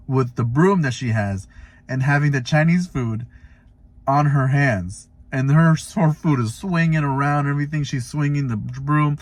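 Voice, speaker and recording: A stay-at-home dad who drives deliveries, telling a funny story in a casual vlog and leaning heavily on fillers like "you know" and "like". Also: male voice, medium pitch, normal speed, no room sound. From Florida.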